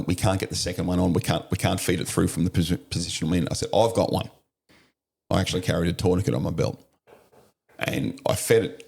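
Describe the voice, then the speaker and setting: Blunt middle-aged Australian man, low gravelly voice, vivid storyteller. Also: a little mellow. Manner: blunt, vivid retelling with swearing. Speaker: podcast guest, former police officer. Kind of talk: storytelling in an interview.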